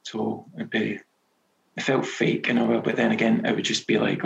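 Gravelly-voiced Scottish man, self-deprecating. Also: lowish voice, moderate pace, muffled recording. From Scotland. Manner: relaxed, self-deprecating storytelling. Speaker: guest, novelist. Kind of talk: casual interview chat.

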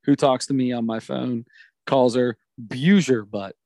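A man's voice: mid-range voice, little pitch movement, moderate pace, gravelly, dark tone, no echo, clean studio sound. A man co-hosting a podcast in casual chat, joking and laughing often. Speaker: podcast co-host. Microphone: studio headphones and mic.

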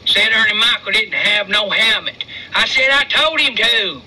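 Man playing an angry dad on a phone call, raspy voice, high, bright, indignant rambling. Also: normal speed, full character voice. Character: angry rural father complaining to police.

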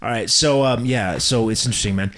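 A man co-hosting a podcast in laid-back casual chat, sometimes dropping into low mock voices. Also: brisk, a bit bright. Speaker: podcast co-host.

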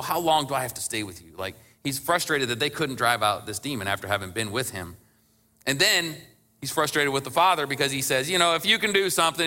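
Man, sermon, bright ringing voice, conversational preaching, passionate emphasis. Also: high voice. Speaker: pastor.

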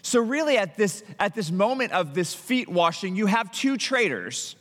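A man preaching a sermon, telling stories with lively acted-out quotes and frequent stumbling restarts. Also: high-pitched, moderate pace, big-room sound. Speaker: pastor.

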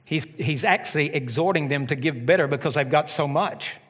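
Man preaching, middle-aged pastor, fairly high voice, lively delivery with humorous asides, long church-hall reverb. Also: normal speed, slightly rough. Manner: animated preaching with joking asides. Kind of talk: sermon. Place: church sanctuary.

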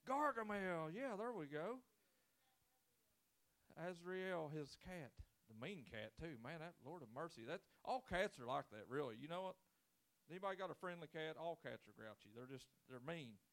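A man's voice: fairly high pitch, expressive, normal speed, a bit bright. A man in his forties, a pastor preaching a sermon with folksy, joking storytelling and casual grammar. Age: 40s.

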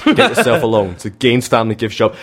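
A man's voice: fairly low pitch, big pitch swings, fast talker. A man in his twenties hosting a radio show, chatting playfully with a guest and laughing often. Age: 20s. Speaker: radio host. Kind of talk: casual chat with a guest. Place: radio studio. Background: faint background music.

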